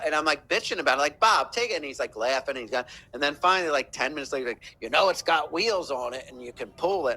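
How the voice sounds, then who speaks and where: A man's voice: medium pitch, sharp tone. A man co-hosting a podcast, telling stories in casual chat with heavy cursing. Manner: profane, storytelling.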